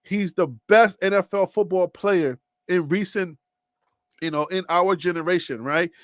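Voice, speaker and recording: A man's voice: sits high, steady tone, a little slow, dry recording, clean studio sound. A man hosting a sports talk show, speaking casually and repeating himself as he builds his point.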